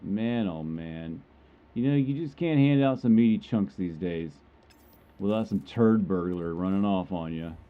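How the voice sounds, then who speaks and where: A man's voice: low voice, a little slow, narrow, tinny audio. A man giving casual, joking commentary while streaming a game, chatty and rambling as he plays.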